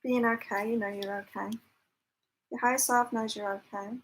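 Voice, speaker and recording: A psychic livestream host, staying in temporary lodging away from home, chats casually with viewers, laughs often and reads their comments aloud. Her voice is on the high side with fairly even intonation at a normal speed. The low-quality recording carries a little hiss or hum.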